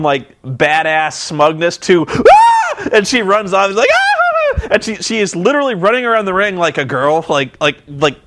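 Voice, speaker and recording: A man's voice: fairly high pitch, fairly bright tone. Rambling sarcastic man recapping. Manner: rambling, sarcastic, profane, many fillers. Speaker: vlogger reviewing wrestling.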